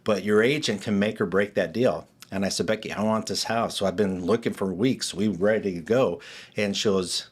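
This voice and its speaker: Animated storytelling man, low voice. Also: brisk. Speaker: guest, real estate agent. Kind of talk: storytelling interview.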